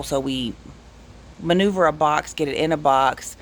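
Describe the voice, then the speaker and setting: A man with a fairly high-pitched voice tells animated stories on his vlog at a moderate pace. He wanders from point to point, cutting himself off and restarting often. Slight background noise is audible.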